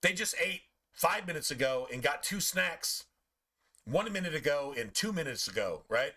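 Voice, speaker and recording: A man chatting casually while streaming a game, telling profane, animated stories about his pets. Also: a little high, moderate pace. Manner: animated, profane storytelling with playful put-on pet voices.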